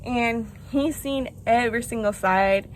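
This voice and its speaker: A woman's voice: on the high side, unhurried, a little hiss or hum. A young woman talking frankly and openly in a confessional vlog, chatty and full of casual fillers. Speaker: vlogger.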